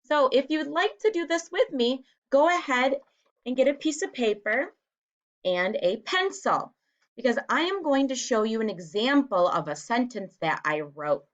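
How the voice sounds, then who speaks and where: A woman teacher walking young children through a writing lesson in a slow, deliberate, encouraging way. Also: sits high, expressive. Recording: dull, lo-fi home recording.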